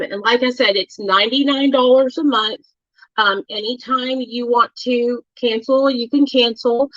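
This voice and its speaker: A woman's voice: mid-range voice, pushed and bright, no room sound. A woman hosting a casual livestream, chatting directly to her viewers with lots of fillers. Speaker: livestream host. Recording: dull, dry lo-fi sound.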